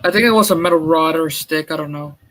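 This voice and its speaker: A man's voice: fairly high pitch, fast, a bit bright. A man joining a live stream, joking and teasing in casual banter while he plays a game.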